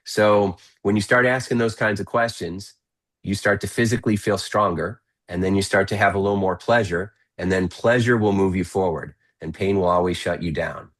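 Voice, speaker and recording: A man speaking as a podcast guest, giving energetic, persuasive coaching advice in a conversational way. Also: low-pitched, moderate pace. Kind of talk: podcast interview talk.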